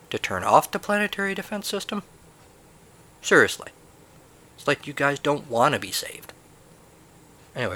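Bright-voiced man with wry asides. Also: mid-range voice. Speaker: retro game reviewer. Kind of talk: reading a game manual aloud with commentary.

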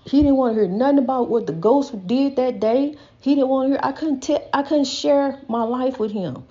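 A woman's voice: high-pitched, moderate pace, dark tone. Preachy older woman on dull audio. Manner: preachy, repetitive, emphatic, rambling. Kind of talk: impassioned spiritual monologue.

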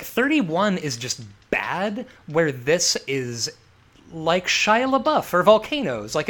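Bright-voiced laughing podcast host. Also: male voice, on the high side. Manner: laughs often, rambling and animated. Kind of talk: casual comedic chat.

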